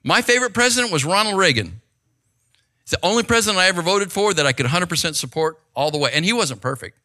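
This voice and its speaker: A middle-aged man speaks in a conversational monologue, his voice fairly high and very bright. He tells stories with animation, swinging his pitch widely and often stopping to check in with the listener. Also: fast. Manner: animated storytelling, rhetorical check-ins with the listener. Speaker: speaker giving advice.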